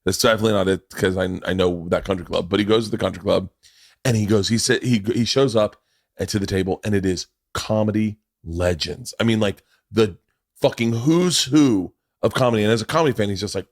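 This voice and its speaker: A man's voice: fairly low pitch, brisk, no echo, studio quality. A man telling a rambling, profane anecdote as a podcast guest, full of restarts. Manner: rambling, profane, restarts a lot and breaks into laughter. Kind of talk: casual storytelling. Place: podcast studio.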